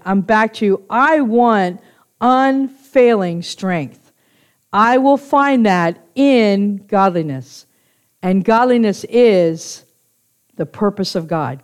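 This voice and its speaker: A woman teaching an informal Bible study to a small group, chatty and confessional, often restarting and correcting herself and laughing with her listeners. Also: mid-range voice. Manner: laughs easily, jokes with listeners.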